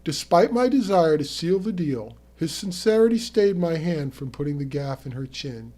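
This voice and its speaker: A man's voice: fairly high pitch, lively intonation, moderate pace, hardly any pauses, mellow. A man telling a vivid first-person story as narrator of an audio tale.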